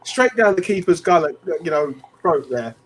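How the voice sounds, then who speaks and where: A man's voice: on the high side, sing-song, normal speed. Man talking football over faint hum. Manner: gets wound up about missed chances. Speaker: co-host of a fan live stream. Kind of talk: casual football chat.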